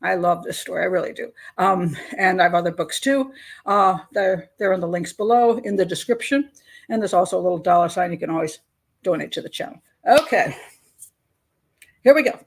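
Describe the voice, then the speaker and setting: A woman's voice: fairly low pitch, a little fast, creaky, slightly rough. An older woman hosting a live stream, chatting casually and rambling with frequent laughs. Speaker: host.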